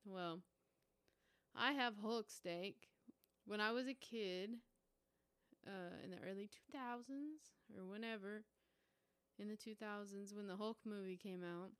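A young woman from the United States hosting her own podcast, telling a story in a casual, profane, animated way. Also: medium pitch, unhurried, clean tone, no room sound. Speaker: podcast host.

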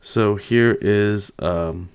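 A man's voice: on the low side, extremely slow, clear, resonant tone. A man hosting a casual sports commentary, upbeat and loose with plenty of fillers. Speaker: podcast host.

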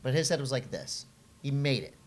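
Middle aged guy on a podcast, mid pitch, gets super animated telling stories. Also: brisk. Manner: animated storytelling, acts out quotes in a high voice. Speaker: podcast co-host and surf commentator. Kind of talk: casual podcast chat.

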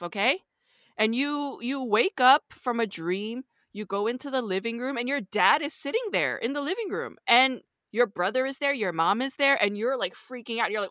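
A woman hosts a casual podcast, laying out playful hypothetical scenarios for her guest. Her voice is bright and forward. The sound is close and dry. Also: a little high, lively intonation, normal speed, dry recording. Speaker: podcast host.

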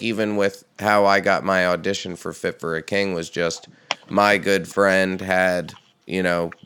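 A man hosting a casual podcast chat, a profane, animated storyteller who laughs often. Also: low voice, slight background noise. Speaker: podcast host and touring musician.

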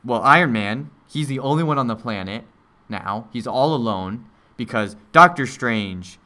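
A man's voice: medium pitch, expressive, normal speed, pushed and bright. A man in casual chat, animatedly recapping a movie and acting out characters' lines. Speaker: movie discussion co-host.

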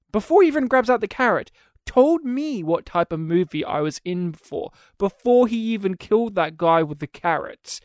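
A podcast host in casual film chat, talking in animated, quick bursts and laughing often. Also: mid-range voice, no echo, clean studio sound.

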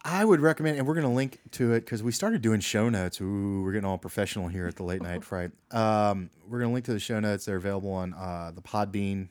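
A man's voice: fairly low pitch, quick pace, hardly any pauses, a little mellow, dry recording. A man co-hosting a casual movie podcast, chatty and enthusiastic, laughing often. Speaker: podcast co-host.

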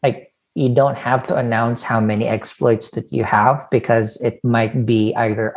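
A woman with a very low voice chats casually on a podcast. She thinks aloud in trailing half-sentences and throws in playful asides. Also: fairly even intonation, normal speed, few pauses, darkish tone. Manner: musing, trailing thoughts, playful interjections. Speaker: podcast co-host. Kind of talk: casual chat.

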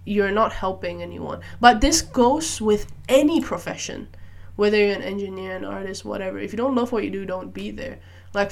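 A young woman hosts a relaxed solo podcast and chats freely. She keeps a lively, animated flow and fills her sentences with casual "like"s. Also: mid-range voice. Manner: chatty, animated, frequent "like" fillers. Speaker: podcast host.

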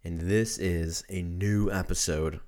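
A man's voice: sits low, fairly even intonation, slow pace, a little mellow. A man hosting his own podcast in a casual solo monologue, drunk, congested, rambling and swearing freely. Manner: rambling and profane. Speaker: podcast host. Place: at home.

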